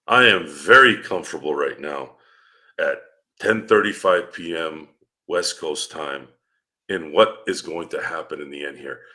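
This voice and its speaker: Deep, bright, and forceful, this man's voice comes through as he guests on a fan podcast. It's a casual chat, yet he's heated, tossing out rhetorical questions and swearing freely.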